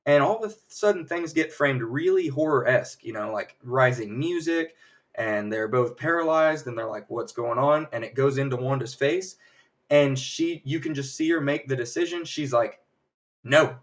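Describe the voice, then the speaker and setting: A man streaming a casual spoiler recap, rambling and acting out characters' lines in quick, jumpy voices. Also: medium pitch, lively intonation, far from the mic. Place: home streaming setup.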